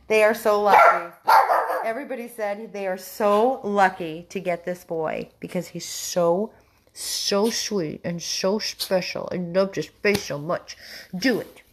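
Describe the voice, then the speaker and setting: A woman volunteering at a dog rescue, giving a casual video update to followers and slipping into high baby talk with a dog. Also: a little slow, noisy background.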